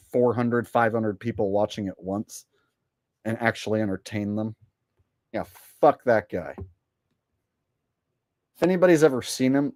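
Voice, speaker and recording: A man's voice: fairly low pitch, mellow, dry recording, studio quality. A man hosting a live stream, ranting bluntly and casually with plenty of swearing. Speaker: streamer host.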